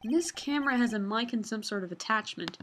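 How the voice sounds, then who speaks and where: A woman's voice: fairly high pitch, animated, fairly quick, fairly bright tone, a little hiss or hum. A woman voicing a meek young male lawyer who stammers and hesitates, in a fan game dub.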